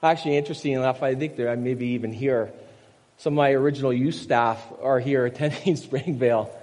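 A man's voice: mid-range voice, fairly even intonation, fairly quick, a little mellow. An older man, a pastor, preaching a conversational sermon full of personal stories and rhetorical questions. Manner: storytelling with asides and rhetorical questions. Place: church sanctuary. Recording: long reverb of a church hall.

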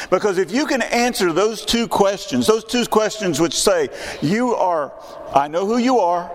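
An older male pastor preaching in a church with a higher-than-usual voice. He pushes his questions upward and repeats phrases for emphasis. A long reverb trails after each line. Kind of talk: sermon. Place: church sanctuary.

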